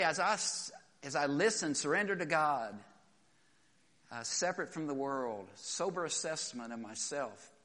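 Male preacher, chatty sermon delivery with plenty of "uh"s, mid-pitched, church hall reverb. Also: fairly bright tone. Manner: conversational storytelling with frequent fillers.

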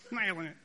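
A man in his thirties preaching a sermon, earnest and conversational with rhetorical asides. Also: bright, forceful tone. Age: 30s. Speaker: pastor. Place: church sanctuary. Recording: long hall reverb.

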